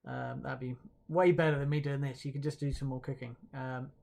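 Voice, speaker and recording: An awards presenter on a livestream, rambling and stopping often to correct themselves. The delivery is casual and self-mocking, with viewer comments read out between announcements. The pitch sits right in the middle. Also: level tone, a little fast, creaky, darkish tone, a little hiss or hum. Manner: chatty and hesitant, with many fillers and self-corrections; light self-mocking humor.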